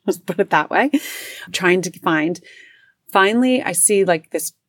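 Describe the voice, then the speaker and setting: A woman's voice: on the low side, measured pace, no echo. Chatty woman podcast host, dry close sound. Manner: animated, acts out quoted voices, laughs often. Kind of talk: casual storytelling monologue.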